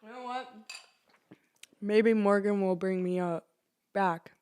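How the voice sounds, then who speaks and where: A young woman appearing as a guest on a casual podcast, with a voice at ordinary pitch. She teases her friend and trades quick banter. Her tone is loose and conversational. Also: a little mellow, smooth. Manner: teasing, quick back-and-forth banter. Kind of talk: casual chat.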